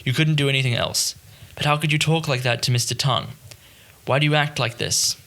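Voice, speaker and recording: A man's voice: medium pitch, fairly quick, gravelly, bright, forceful tone. A man voicing a blunt, angry uncle who is a tradesman, speaking in a growling, resentful way. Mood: aggrieved. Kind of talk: audiobook character reading.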